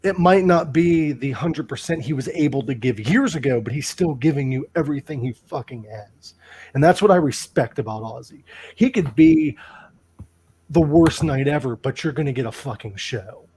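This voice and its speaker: A man co-hosting a podcast, telling stories in a loose, animated way and swearing freely. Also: mid-range voice, moderate pace. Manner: animated storytelling, heavy swearing. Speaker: podcast co-host. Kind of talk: casual chat.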